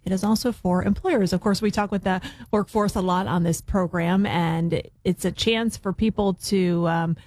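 A woman's voice: medium pitch, steady tone, normal speed, hardly any pauses, darkish tone, dry recording. A woman co-hosting a live radio show, reading community announcements in a conversational way. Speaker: radio news anchor and co-host. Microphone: studio microphone.

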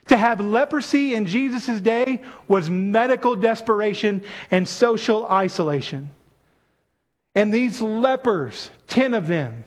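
A pastor preaches to his congregation, his voice pitched high for a man. He delivers the sermon in an animated way and keeps calling on the people in front of him to answer and take part.

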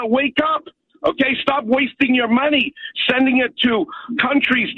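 A man's voice: extremely high pitch, slightly rough, no echo. A Montreal-accented Canadian man calling into a radio show, ranting emphatically and punctuating his points with "okay?". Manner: emphatic, repeats "okay?" often. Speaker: caller. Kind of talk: call-in radio rant. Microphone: telephone. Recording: tinny phone line.

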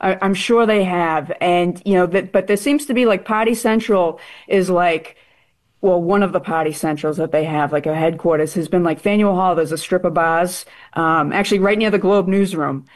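A woman's voice: lowish voice, normal speed. A woman with a Boston accent, a crime reporter guest, talking casually with lots of fillers and laughs. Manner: chatty, laughing, many fillers like "like". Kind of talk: casual chat.

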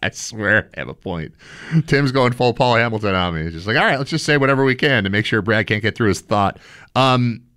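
Man, sports talk co-host, animated, argumentative, lively pitch, dry sound. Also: fairly quick, clean tone, dry recording. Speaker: podcast co-host.

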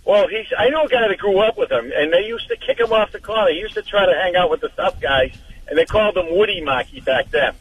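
A man's voice: high-pitched, animated, a little fast, far from the mic, highs cut off, slight background noise. A man calling into a radio show, passing along gossipy anecdotes with a chuckle. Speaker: caller. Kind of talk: call-in radio chat.

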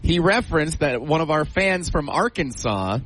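Lively co-host with animated pitch. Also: male voice, normal speed, slight background noise, rough recording. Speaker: sports radio co-host. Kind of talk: sports radio banter.

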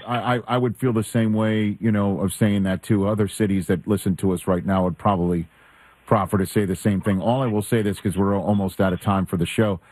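A man in his fifties hosting a sports talk radio show, chatting and reflecting with quick asides. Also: on the low side, steady tone, a little mellow, a little hiss or hum. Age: 50s.

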